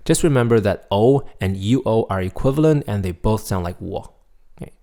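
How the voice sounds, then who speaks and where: A man teaching a recorded pronunciation lesson, drilling syllables clearly and patiently checking in with his students. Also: low voice, fairly quick, darkish tone. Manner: patient, checks in often with "right?" and "okay?". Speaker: language teacher.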